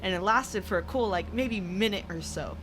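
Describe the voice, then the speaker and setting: A woman co-hosting a paranormal podcast, telling a story in lively casual chat, swearing often and laughing. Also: medium pitch, normal speed, a little hiss or hum. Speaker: podcast co-host.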